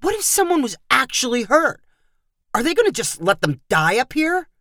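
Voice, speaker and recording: A woman voicing a young female skier who snaps, yells and demands. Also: high-pitched, big pitch swings, normal speed, no room sound, clean studio sound, voice pushed up, heavily acted. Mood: annoyed. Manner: snappy, yelling, demanding.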